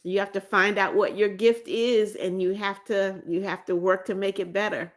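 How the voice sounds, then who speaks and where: A woman's voice: medium pitch, fairly even intonation, moderate pace. A middle-aged woman from the United States hosting a casual livestream, chatting and reading viewer comments aloud, often repeating greetings and names. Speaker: livestream host.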